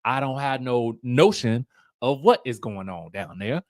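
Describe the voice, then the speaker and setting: A man's voice: medium pitch, unhurried. A man giving a casual commentary recap of a reality show, chatty and emphatic, acting out what the cast said. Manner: animated storytelling, acts out quotes in raised voices.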